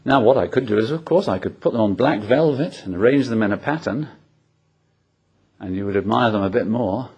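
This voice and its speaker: A man's voice: on the low side, lively intonation, brisk, a little mellow, breathy edge, highs cut off. A man preaching an expository sermon, asking the congregation rhetorical questions and illustrating points with personal anecdotes.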